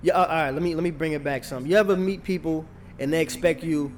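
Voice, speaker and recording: A comedian hosts a podcast in a slightly high voice, talking fast with a bit of background noise. His casual chat is laid-back, and he keeps checking in with the listener by repeating "you know what I'm saying."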